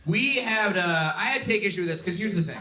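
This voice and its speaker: A man's voice: high-pitched, animated, quick pace, sharp tone. A man from the American South hosting a live comedy game show, teasing his contestants and laughing as he talks. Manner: teasing, playful, laughing while talking. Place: comedy club stage. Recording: live club crowd noise. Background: live audience laughing.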